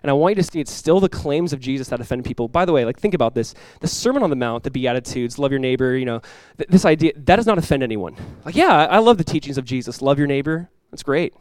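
A man preaching a sermon as pastor, emphatic, rising and swelling when he quotes scripture, with quick conversational asides. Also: mid-range voice, expressive, darkish tone, dry recording.

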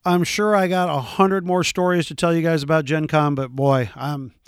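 A man with a fairly high, smooth, clear voice tells a story in casual chat, animated and quick to laugh. He acts out quotes as he goes. The sound is close and dry. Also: dry recording. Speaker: podcast co-host.

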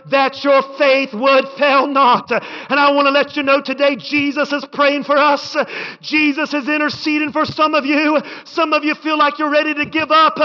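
A man preaching a sermon in a church, with rhythmic repetition that builds to shouted lines. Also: very high voice. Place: church sanctuary. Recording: dull sound with long hall reverb.

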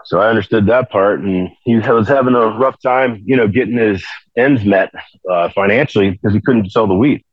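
A man with a fairly low voice tells a long story in a casual, rambling way, often circling back on himself. The sound is dry and slightly muffled, as if from a modest mic with the highs cut. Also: normal speed, no room sound. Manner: rambling, full of "you know" fillers and restarts. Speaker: podcast guest telling stories.

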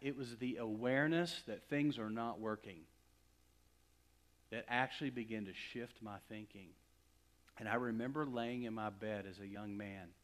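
Middle-aged guy from west texas giving a sermon, gets loud then goes real quiet. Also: mid-range voice. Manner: dramatic swings from loud emphasis to hushed near-whispers. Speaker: pastor.

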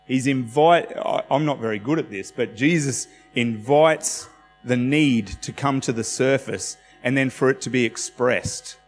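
A man's voice: medium pitch, unhurried. A man preaching a sermon in a loose, conversational way, with self-deprecating asides and acted-out quotes. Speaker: pastor. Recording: long hall reverb with faint music.

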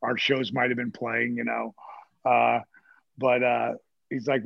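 A man's voice: medium pitch, measured pace, creaky, dry recording. A man in his sixties telling casual, profane stories and acting out the quotes. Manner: profane, animated, acts out quotes. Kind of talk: casual storytelling. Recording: dull, muffled audio.

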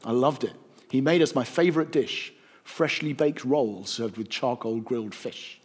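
A man narrating a rhyming story in a gentle, rhythmic storytelling manner. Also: medium pitch, moderate pace, breathy edge.

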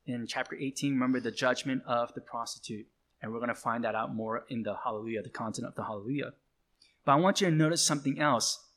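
A man preaching from the pulpit with a mid-range voice. He leans on key phrases and repeats them slowly and deliberately. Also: mid-range voice, sharp tone. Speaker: pastor. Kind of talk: sermon.

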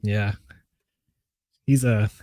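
Mellow-voiced man in relaxed podcast chat. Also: on the low side, very slow, a little hiss or hum. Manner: relaxed, enthusiastic about watches, trailing restarts. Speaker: podcast co-host. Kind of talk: casual chat.

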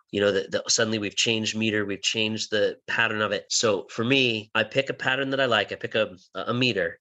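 Fast-talking bright-voiced man explaining. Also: lowish voice, rough recording. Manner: animated, explains methodically. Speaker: guest author. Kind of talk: casual interview chat. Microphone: video call.

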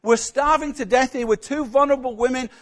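A man's voice: very high voice, brisk, voice pushed up. A man putting on a bitter moaning widow. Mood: aggrieved moaning. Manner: moaning, aggrieved whine. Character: bitter complaining older widow, woman.

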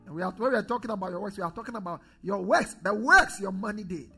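Man preaching, high lively raspy voice. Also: quick pace, few pauses, faint music behind. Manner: preaching with call-and-response to the congregation; dramatic swings from loud declarations to low quiet asides. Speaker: pastor. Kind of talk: sermon.

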